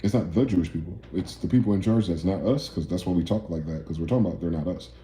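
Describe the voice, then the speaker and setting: A man's voice: low voice, fast talker, dark tone, reverberant, slight background noise. A man from New Jersey hosting a livestream, rambling, profane and ranting as he reads out chat comments. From East Orange, New Jersey. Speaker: livestream host.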